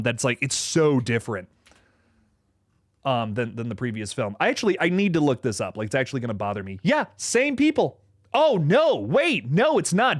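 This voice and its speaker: On a casual livestream, a man with a medium pitch reads viewer comments and rambles on, animated, swearing freely and laughing often. There's no echo on the recording.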